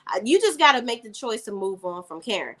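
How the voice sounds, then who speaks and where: A woman recapping a TV drama episode in a blunt, opinionated way. Her voice runs fairly high with a very lively pitch. She talks casually, like a reviewer chatting with her viewers. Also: a little fast. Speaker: TV show reviewer.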